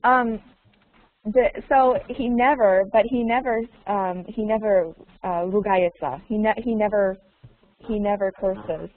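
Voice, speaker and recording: Over tinny, narrow video-call audio with faint background noise, a female English teacher leads an online conversation lesson. Her voice is medium-pitched and fairly even, her pace unhurried, and she patiently repeats questions while using Russian words to clarify.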